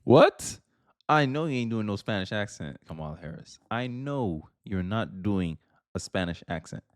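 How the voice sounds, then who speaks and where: A man's voice: on the low side, lively intonation, normal speed, no echo, clean studio sound. A man giving casual video commentary, blunt and opinionated, ranting about politics.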